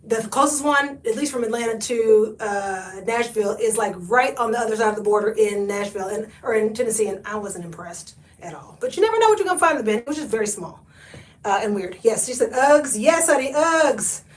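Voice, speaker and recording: A woman, hosting a casual thrift haul livestream, animated and chatty, calling viewers honey. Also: a little high, moderate pace, far from the mic.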